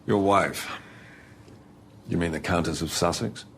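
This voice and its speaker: A stern ship's captain. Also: male voice, low voice, slight background noise. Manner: formal, measured, authoritative. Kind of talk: TV drama acting.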